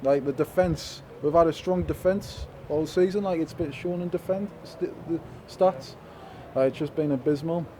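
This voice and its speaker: Annoyed fan on the street, mellow voice, says like a lot, faint traffic. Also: male voice, fairly high pitch, moderate pace, few pauses. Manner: frustrated, leans on "like". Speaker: football fan being interviewed.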